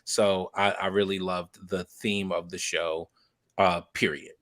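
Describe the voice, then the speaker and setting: Male podcast co-host, unhurried, drawn-out casual chatter. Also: deep voice, level tone, a bit bright, dry recording. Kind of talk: casual chat.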